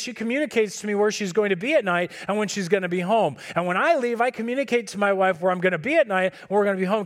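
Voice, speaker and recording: Guy preaching, high-ish voice, talks like he's chatting, acts out little scenes w his kids. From California. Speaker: pastor. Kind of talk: sermon.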